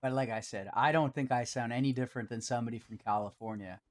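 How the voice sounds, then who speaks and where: Relaxed man chatting on a live stream. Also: mid-range voice, fast. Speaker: streamer building in a game. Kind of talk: casual live-stream chat.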